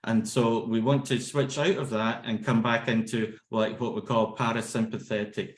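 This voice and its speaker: This is instructional talk with demonstrations from a man running laughter yoga over video call, recorded with a roomy echo. His voice is medium in pitch and level in tone, moving at a moderate pace, yet he speaks energetically, laughs, chants ho-ho-ha-ha-ha, and keeps checking in with "okay?" and "yeah?"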